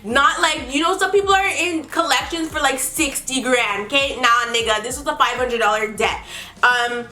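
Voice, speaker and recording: Young woman vlogger, high and bright, swears freely, roomy echo with faint music under it. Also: normal speed. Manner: animated, profane, laughing. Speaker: beauty vlogger. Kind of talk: casual storytime.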